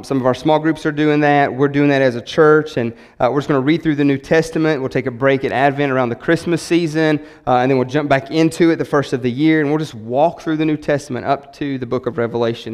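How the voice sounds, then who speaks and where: A man's voice: medium pitch, darkish tone. A man preaching a sermon as pastor, enthusiastic and chatty, rambling with frequent restarts. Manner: enthusiastic, conversational.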